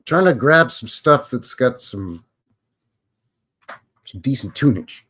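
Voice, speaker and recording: In a casual, rambling livestream Q&A, a Canadian-accented host jokes his way along. His mid-range voice makes big pitch swings, moving slowly with a fairly bright, slightly rough tone.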